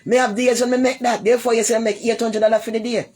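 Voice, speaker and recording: On a livestream, a woman with a Jamaican accent rambles through a casual rant, repeats herself, and hits back at commenters with blunt insults. Her voice is on the high side, darkish, with little pitch movement and a quick pace.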